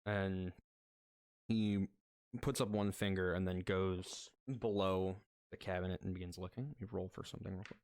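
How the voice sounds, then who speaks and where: A man's voice: sits low, little pitch movement, normal speed, a little mellow, clear, resonant tone. A man narrating as game master, talking loosely with many fillers and restarts.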